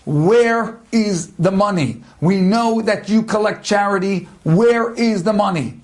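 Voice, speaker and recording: Dude doing menacing robber guys, low quiet threats, kinda slow. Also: male voice. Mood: threatening. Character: masked armed male thugs, menacing.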